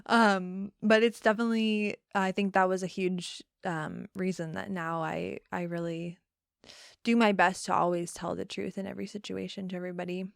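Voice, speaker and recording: A young woman in her twenties telling a personal story in a casual interview, soft-spoken with many pauses and ums. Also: medium pitch, flat delivery, gravelly, smooth, no echo, studio quality. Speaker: podcast guest.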